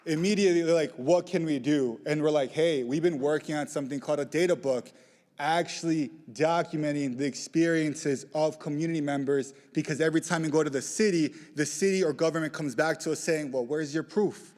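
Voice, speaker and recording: A young man giving a lively lightning talk, joking with the audience and pushing them into call-and-response. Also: a little high, a little fast. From southeast side of Chicago. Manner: playful, rallying crowd call-and-response. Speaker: community organizer speaker. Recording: reverberant hall, live talk.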